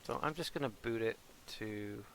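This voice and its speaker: A man's voice: lowish voice, normal speed, noisy background. A British man, a streamer and father, chatting casually through a game, rambling and talking back to the characters on screen. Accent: British English. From England. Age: adult with a son. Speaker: gaming streamer. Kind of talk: casual gameplay commentary. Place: home streaming setup with green screen.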